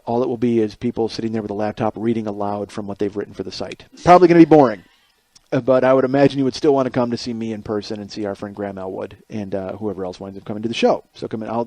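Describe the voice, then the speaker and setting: A man's voice: medium pitch, mellow, dry recording. A man hosting a podcast, talking in a casual, rambling, self-deprecating solo monologue into a close mic. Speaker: podcast host and stand-up comedian.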